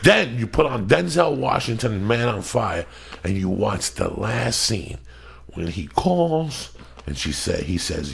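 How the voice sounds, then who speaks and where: A man's voice: lowish voice, big pitch swings, moderate pace. A middle-aged man, a podcast host ranting with heavy swearing and acting out movie lines. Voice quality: gravelly. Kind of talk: profane storytelling rant.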